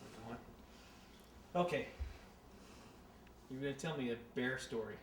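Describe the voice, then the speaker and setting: A man interviewing his uncle at home, giving brief prompts and quiet acknowledgements. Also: medium pitch, slow. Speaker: interviewer, the storyteller's nephew. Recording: distant, echoey, with noise.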